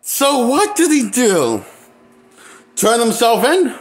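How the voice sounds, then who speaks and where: Guy ranting about a horror movie, high voice, swings up and down a lot, takes his time, keeps repeating stuff. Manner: animated, incredulous, breaks into nervous laughter; repeats himself, halting restarts. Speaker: movie critic. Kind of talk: casual film review.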